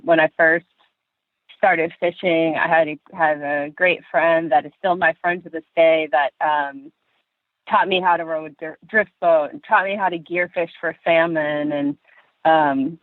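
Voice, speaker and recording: A woman from Virginia, a fishing guide, tells stories about her life at an unhurried pace in a podcast interview. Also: low voice, no room sound. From Virginia, USA. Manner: unhurried, anecdotal storytelling with frequent pauses. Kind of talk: podcast interview, personal storytelling. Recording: tinny phone-line audio, dry.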